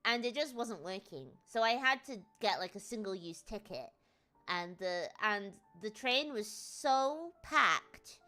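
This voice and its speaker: A woman's voice: medium pitch, expressive, slow, bright, forceful tone, soft background music. A woman VTuber streamer telling a travel story in rambling, chatty casual talk, laughing often at herself. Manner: rambling, chatty, self-deprecating with frequent laughs.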